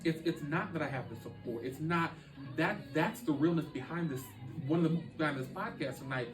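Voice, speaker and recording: A man recounts a painful personal story in an earnest, halting way, often restarting his sentences. He sounds set back from the mic, in a roomy space. Music plays clearly behind him. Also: on the high side, distant mic. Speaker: podcast guest.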